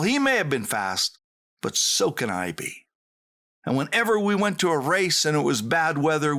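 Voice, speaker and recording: A middle-aged man from Canada hosting a podcast, telling a motivational story with dramatic pauses and repeated rallying refrains. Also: mid-range voice, a bit bright. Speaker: podcast host.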